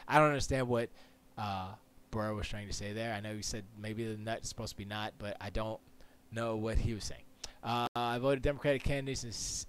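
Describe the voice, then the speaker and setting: A man hosting a casual solo podcast, talking in an animated, rambling, jokey way full of quick asides. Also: fairly low pitch. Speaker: podcast host. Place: Florida. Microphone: close studio mic.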